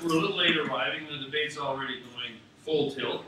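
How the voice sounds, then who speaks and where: A man from Scotland tells stories at a memorial with a storyteller's ease, chuckling often. His mid-pitched voice booms around a large, very echoey theatre. The mic is far away and audience noise hangs behind him. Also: brisk, sharp tone. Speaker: speaker at a memorial. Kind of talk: anecdotal memorial speech. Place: university theatre. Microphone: distant mic.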